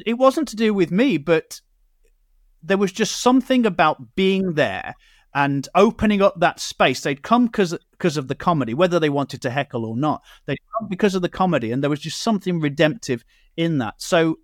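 A male host with a fairly high voice leads a discussion, chatting loosely and restarting his thoughts as he goes. His voice is recorded close and completely dry, with no room echo at all. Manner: conversational, with hesitant restarts and fillers. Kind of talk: hosted discussion show.

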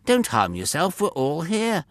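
A man voicing Paul, a calm and kind male apostle in a children's Bible storybook, speaking in a steady, gentle, reassuring way. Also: mid-range voice, drawn-out words, no room sound, studio quality. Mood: urgent.

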